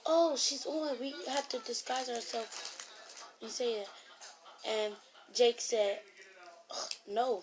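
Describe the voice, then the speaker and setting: A woman telling a casual story about an online game in a rambling way, getting louder when she quotes other people. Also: on the high side. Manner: rambling retelling with raised voice when quoting others.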